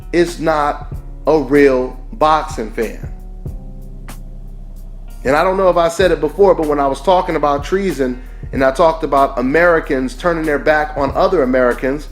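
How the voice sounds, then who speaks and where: A man with a fairly high voice rants emphatically to his viewers, hammering the same point over and over and throwing in rhetorical questions. Soft background music plays underneath. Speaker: boxing channel host. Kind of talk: opinionated commentary rant. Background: faint background music.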